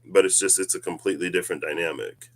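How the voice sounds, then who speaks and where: A man's voice: sits low, quick pace. A man giving a casual tarot reading vlog, musing and rambling through spiritual ideas with frequent laughs. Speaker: tarot reader.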